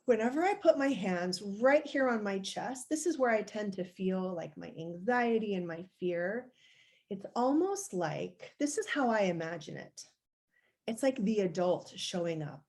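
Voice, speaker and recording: A woman's voice: medium pitch, expressive, measured pace, darkish tone. A woman life coach giving a conversational, encouraging live-streamed coaching talk, walking viewers through steps and showing gestures as she goes.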